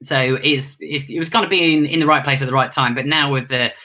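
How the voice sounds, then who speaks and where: A man's voice: mid-range voice, steady tone, fairly quick, pushed and bright. A man, a ventriloquist and magician, answering interview questions in a rambling, casual way with many restarts.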